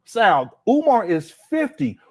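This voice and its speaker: Man, livestream host, slightly high voice, lively swinging pitch, incredulous. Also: takes it slowly. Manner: animated, incredulous, talks to chat, frequent fillers. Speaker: livestream host reading super chats. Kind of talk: casual livestream commentary.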